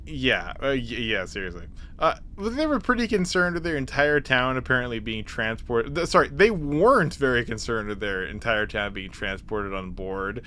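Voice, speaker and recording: A man's voice: mid-range voice, big pitch swings, normal speed, hardly any pauses, bright, forceful tone. A man co-hosting a podcast in casual chat, rambling with restarts and breaking into laughs. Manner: rambling with restarts, laughs, puts on silly voices. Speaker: podcast co-host.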